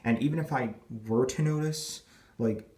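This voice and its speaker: The voice is mid-range and darkish, at a moderate pace, belonging to a man in his twenties. He vlogs a crude, rambling rant from inside his home, stuffed with fillers and kept hushed because it's early morning.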